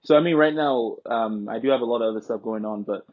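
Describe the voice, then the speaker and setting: A young man from Nigeria, telling stories as an interview guest in a relaxed, joking way. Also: medium pitch, fast talker. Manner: relaxed, joking, breaks into quoted dialogue. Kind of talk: casual interview storytelling. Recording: tinny phone-like line.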